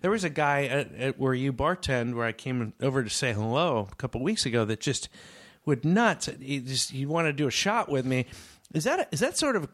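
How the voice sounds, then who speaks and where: A man casually telling a story in a chat, animated, acting out both sides of an argument. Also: medium pitch, normal speed.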